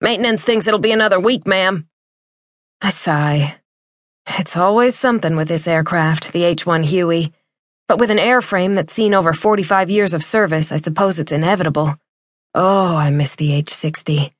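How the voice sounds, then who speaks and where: Low-voiced woman narrating an audiobook. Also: normal speed, dry recording, clean studio sound. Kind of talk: first-person audiobook narration.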